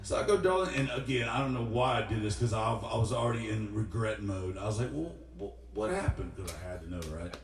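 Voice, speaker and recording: A man's voice: lowish voice, fairly even intonation, fast, few pauses. A young man, a singer-songwriter, tells a rambling, self-deprecating story between songs at a live-streamed studio show. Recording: roomy studio, mic at a distance.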